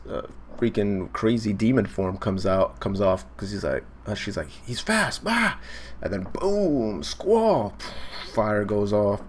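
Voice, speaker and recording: A man's voice: on the low side, a little hiss or hum. A young man hosting a casual live manga reaction, laid-back and full of fillers as he recaps and reads panels aloud. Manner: laid-back, filler-heavy, briefly acting out character shouts.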